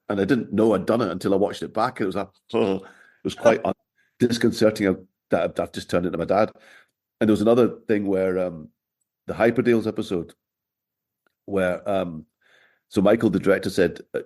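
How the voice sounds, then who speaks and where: A man's voice: low voice, a little fast, a little mellow. A middle-aged man, a podcast guest telling wry anecdotes in casual interview chat. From Scotland, raised in Glasgow.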